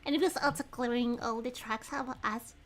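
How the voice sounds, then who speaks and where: A woman talks through a detective game on a livestream, thinking out loud about clues. Her voice sits high, and she rambles excitedly, often breaking off to apologize to her viewers. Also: moderate pace. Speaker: streamer playing a detective game. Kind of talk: casual livestream chat.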